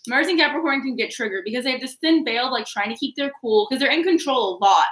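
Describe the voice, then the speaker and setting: Bright-voiced woman musing about astrology, lots of likes and ums, echoey room. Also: high voice, fast talker. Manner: relaxed, thinking aloud, lots of fillers. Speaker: astrology reader. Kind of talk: casual astrology chat. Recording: roomy echo.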